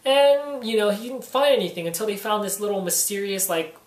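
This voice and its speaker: A man's voice: high voice, fairly even intonation, brisk. A man giving a casual spoken comic book review, rambling and leaning heavily on "you know" fillers. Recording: roomy echo.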